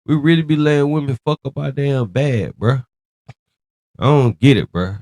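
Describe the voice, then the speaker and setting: A man's voice: medium pitch, moderate pace, dark tone, no echo. A man hosting a casual commentary show, talking in a slangy, emphatic, rambling way. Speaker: host.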